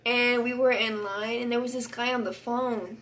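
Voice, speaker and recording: A woman's voice: fairly high pitch, fairly even intonation, moderate pace, a bit bright. A teenage girl chatting with a friend, blunt and teasing as she tells a story. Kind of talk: casual chat.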